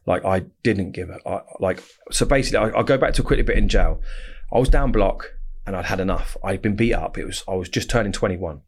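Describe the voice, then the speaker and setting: A man's voice: low-pitched, fairly quick, breathy edge. A man, bluntly telling his story in a casual interview, swearing often and rambling. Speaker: interview guest.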